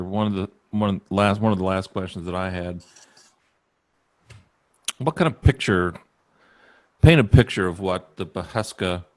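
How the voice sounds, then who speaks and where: A man hosting a casual podcast interview, asking relaxed, rambling questions with the odd joke. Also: fairly low pitch. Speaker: podcast host.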